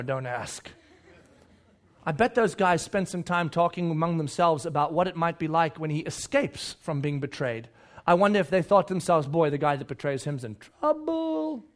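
Middle-aged male pastor, high-pitched, animated, plays out the voices in his stories. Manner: animated storytelling, acts out voices. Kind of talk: sermon.

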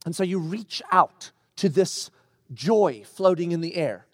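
A middle-aged male pastor preaching, telling a personal story with lively, acted-out bits. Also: fairly high pitch, a little slow, no room sound, clean studio sound. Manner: animated storytelling with acted-out quotes. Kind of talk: sermon. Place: church.

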